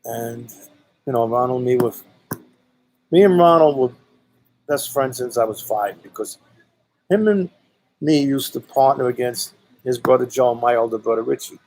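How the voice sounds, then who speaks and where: A Brooklyn-born man with a Brooklyn accent tells a casual story, blunt, profane, and rambling, with "you know" everywhere. He speaks at a moderate pace with frequent pauses, in a medium-pitched, darkish voice. The recording quality is rough.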